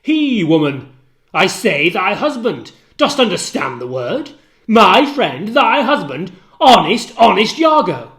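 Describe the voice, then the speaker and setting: A man reading the part of a tormented, jealous general, declaiming verse and swinging between hushed and loud lines. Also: medium pitch, slow pace. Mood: accusing. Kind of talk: dramatic reading of a play.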